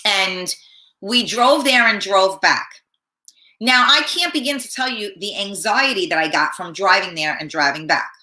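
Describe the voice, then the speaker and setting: Hoarse, blunt, cursing woman host. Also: mid-range voice, measured pace, bright, forceful tone, roomy sound. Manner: blunt and profane, rambling. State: hoarse, clearing her throat. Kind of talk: casual chat.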